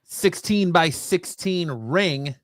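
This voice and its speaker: A man hosting a live wrestling chat show, relaxed and joking as he explains the news. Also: on the high side, slow pace, no room sound. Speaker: podcast host. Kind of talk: casual live-stream chat.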